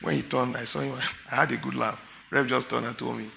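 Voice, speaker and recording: A man's voice: medium pitch, fairly even intonation, a little fast, gravelly, sharp tone, a little hiss or hum. A Nigerian man preaching a sermon as pastor, emphatic and full of rhetorical questions to his congregation.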